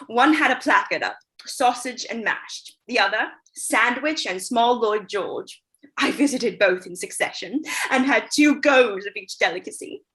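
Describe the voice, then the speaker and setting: A woman's voice: on the high side, a bit bright. A woman reading a flighty, cheeky young suffragette with arch comic timing in a play reading.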